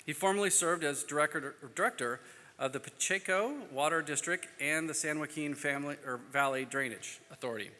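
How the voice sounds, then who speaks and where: A man moderates a conference panel, reading through each speaker's bio and tossing in offhand, self-deprecating remarks when he stumbles. His voice is very bright and cutting. A long hall reverb trails behind him. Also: fairly high pitch, a little fast. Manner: reads bios with slips and self-deprecating asides. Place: conference stage in a large hall.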